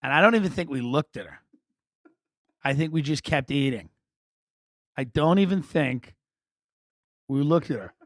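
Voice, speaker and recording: A man's voice: on the high side, moderate pace, long pauses, no room sound. Wry rambling male storyteller, dry sound. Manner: rambling, wry, animated, with restarts and laughs. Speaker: podcast host. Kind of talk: comic storytelling monologue.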